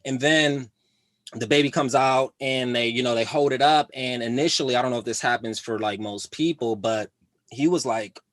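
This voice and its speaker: A man's voice: medium pitch, normal speed, a bit bright, no room sound. Laid-back rambling male comedian. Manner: laid-back, rambling delivery with many fillers. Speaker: stand-up comedian. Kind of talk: stand-up comedy set.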